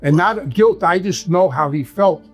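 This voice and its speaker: A man with a thick New York accent tells his stories in a loose, rambling way, with slightly higher pitch than most men. He restarts sentences and keeps checking in with his listener. Faint music plays underneath. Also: a little slow. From Brooklyn, New York. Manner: rambling, restarts, frequent "right?". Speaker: guest, former mobster. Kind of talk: casual storytelling.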